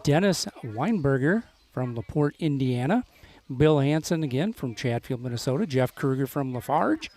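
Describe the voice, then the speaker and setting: A man announcing a live local event on a microphone, halting often with filler pauses as he reads names off a list. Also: mid-range voice, expressive, a little mellow. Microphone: handheld microphone.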